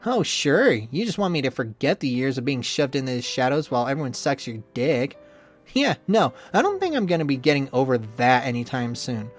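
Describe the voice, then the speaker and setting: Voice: mid-range voice, big pitch swings, fairly quick, soft background music. A reader voicing a bitter, resentful young male rival in a visual novel playthrough. The rival sneers and swears often.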